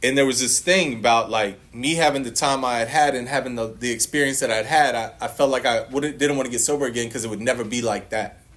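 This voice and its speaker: A man's voice: mid-range voice, fast talker, fairly bright tone. Profane man telling his recovery story. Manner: blunt, profane storytelling with quoted dialogue. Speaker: recovery meeting speaker. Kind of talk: personal testimony at a meeting.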